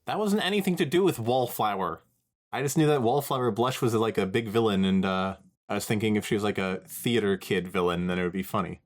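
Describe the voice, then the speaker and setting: A man co-hosting a podcast, chatting casually in an animated, rambling way. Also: fairly low pitch, a little fast. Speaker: podcast co-host. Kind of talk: casual chat.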